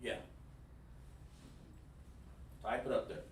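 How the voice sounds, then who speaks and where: A man teaching a casual class at a whiteboard, talking in a relaxed, folksy way and often repeating himself as he addresses students directly. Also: extremely slow, noisy background. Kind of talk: casual classroom lesson streamed online. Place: room with a whiteboard. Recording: echoey room, speaker far from mic.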